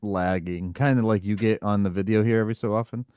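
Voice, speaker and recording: A man co-hosting a podcast, chatting casually about a TV episode with relaxed asides. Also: fairly low pitch, quick pace, clean tone, no room sound, studio quality. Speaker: podcast co-host. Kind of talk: casual chat recapping an episode.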